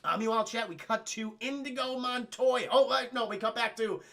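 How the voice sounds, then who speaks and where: A young man rattles through a movie's plot for his live chat, swearing constantly and jumping into quick voices for the characters. His voice sits high and bright with a gravelly edge. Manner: animated, swears a lot, acts out lines in quick put-on voices. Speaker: streamer recapping a film. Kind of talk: profane comic film recap to live chat.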